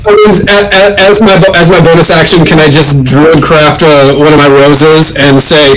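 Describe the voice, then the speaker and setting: A man's voice: on the high side, fairly even intonation, moderate pace, music in the background, low-quality recording. A man playing a tabletop game, speaking politely and formally in character. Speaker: player.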